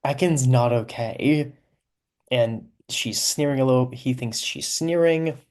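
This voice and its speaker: A man talking through his own serialized story in a loose, conversational commentary. He sounds amused, breaks into laughs, and drifts into explanatory asides as he goes. His voice sits at an ordinary middle pitch for a man. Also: unhurried, a little mellow. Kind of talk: casual commentary.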